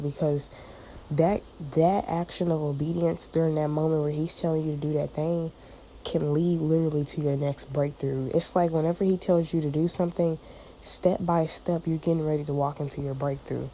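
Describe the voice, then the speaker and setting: Low, mellow-voiced woman, rambling spiritual talk. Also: steady tone, moderate pace, slight background noise, low-quality recording. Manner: rambling, searching for words, many fillers; addresses listeners as y'all. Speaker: channel host giving a prophetic word. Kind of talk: casual spiritual vlog talk.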